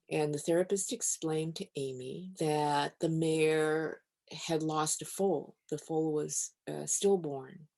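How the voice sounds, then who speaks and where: Low and gravelly, her voice carries calm, measured storytelling. She is a physician and author speaking as a guest in a podcast interview.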